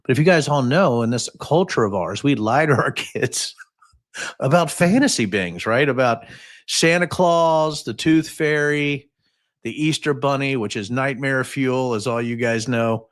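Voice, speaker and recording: A man's voice: mid-range voice, measured pace. Rambling, jokey man in his fifties. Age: 50s. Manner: rambling and jokey, many fillers and asides. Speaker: podcast host. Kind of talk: casual livestream storytelling.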